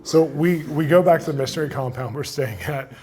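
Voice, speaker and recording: A man's voice: on the high side, fairly quick, a little hiss or hum. Man telling a wild story with laughter. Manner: excited, laughs through the telling, acts out voices. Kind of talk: animated storytelling.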